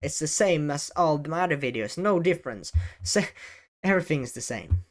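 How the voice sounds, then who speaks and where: Seated at a desk microphone facing the camera, a male educational video creator gives talking-head advice. His voice is on the high side and sing-song, and he speaks deliberately with frequent pauses, stressing key words and swearing casually.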